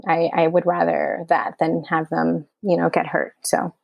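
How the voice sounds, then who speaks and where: A woman's voice: fairly low pitch, little pitch movement, measured pace, creaky, darkish tone, no room sound. A woman from Queens, New York, a writer-director telling a personal story in an interview, candid and emotional, her speech full of "like" and "you know.".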